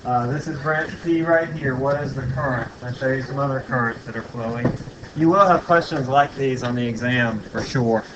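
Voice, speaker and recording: A man lecturing a physics class in a relaxed, joking way, thinking aloud with fillers as he works through problems. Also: mid-range voice, normal speed, highs cut off, noisy background.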